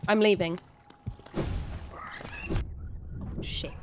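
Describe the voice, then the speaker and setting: A young woman, chatting casually while she plays a video game, giggly and quick to swear when excited. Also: fairly high pitch. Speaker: gaming video creator. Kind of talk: casual let's-play commentary.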